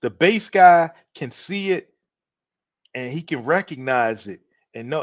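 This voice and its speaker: A man's voice: a little high, expressive, a little slow, long pauses, no room sound. Swaggering man, dry lo-fi mic. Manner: loose, swaggering, talks straight to the listeners. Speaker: podcast host. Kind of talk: casual opinion talk. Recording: dry, dull lo-fi home mic.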